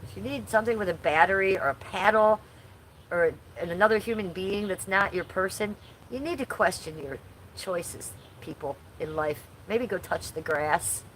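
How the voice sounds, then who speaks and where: A woman's voice: medium pitch, moderate pace, fairly bright tone, slight background noise, low-quality recording. A woman in her forties hosting a casual livestream from home, chatting bluntly and crudely while reading chat aloud. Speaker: livestream host.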